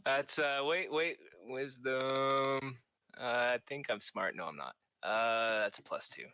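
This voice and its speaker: A man's voice: mid-range voice, slow, sharp tone, smooth, no echo, lo-fi sound. A man playing in a casual tabletop game, hesitant and fumbling through his turns. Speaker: player.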